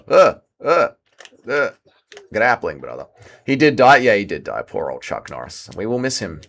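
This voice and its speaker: Man in his thirties, animated. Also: medium pitch. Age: 30s. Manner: banter, reading chat aloud while playing. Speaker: streamer. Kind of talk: casual livestream gaming commentary.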